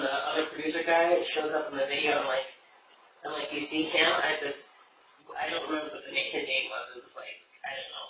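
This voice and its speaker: A man's voice: a little high, bright, forceful tone, slight background noise. Echoey rambling man telling a dream. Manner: rambling, retells dialogue with many "he's like". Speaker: podcast co-host. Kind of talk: casual storytelling. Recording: distant, dull, very echoey room.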